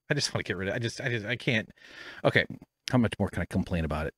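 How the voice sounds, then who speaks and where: A man's voice: fairly low pitch, lively intonation, fast, a bit bright, breathy edge, no room sound. Rambling, self-mocking male podcast host. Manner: rambling, self-deprecating, swears freely. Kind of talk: casual rambling chat. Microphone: studio microphone with headphones.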